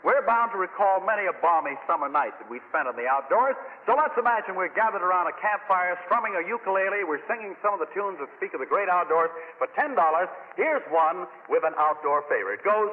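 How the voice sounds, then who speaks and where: A man's voice: high-pitched, lively intonation, fairly quick, few pauses, big-room sound. A man hosting a 1940s radio quiz show, jovial and chatty with the contestants. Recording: tinny vintage radio broadcast.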